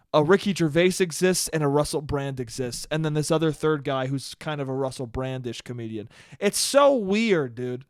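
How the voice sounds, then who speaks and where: A man with an American accent and a fairly high voice rants through a solo podcast, sarcastic and full of swearing. He sounds exasperated and talks close to a microphone. The sound is dry, with no room echo. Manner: profane, sarcastic, exasperated ranting. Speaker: podcast host. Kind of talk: solo comedic rant.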